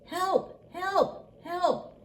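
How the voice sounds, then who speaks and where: An older woman voicing a cheerful little blue truck in a storybook reading, with high beeps and squeaky calls. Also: steady tone, drawn-out words, heavily acted. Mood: pleading.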